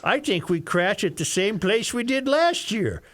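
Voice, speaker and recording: A man's voice: sits high, very animated, moderate pace, voice pushed up. Man putting on a bumbling Norwegian moose hunter. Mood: pleading. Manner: clumsy put-on Norwegian accent drifting.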